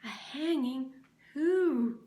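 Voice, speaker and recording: A woman's voice: sits high, animated, very slow, dark tone, far from the mic, voice pushed up, exaggerated voice. A woman voicing a desperate, defiant young schoolteacher who speaks urgently and out of breath, read aloud in an echoey room.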